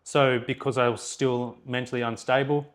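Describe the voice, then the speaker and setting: A man's voice: mid-range voice, level tone, normal speed. A young Australian man co-hosting a podcast, telling his own story in blunt casual chat and swearing often. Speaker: podcast co-host.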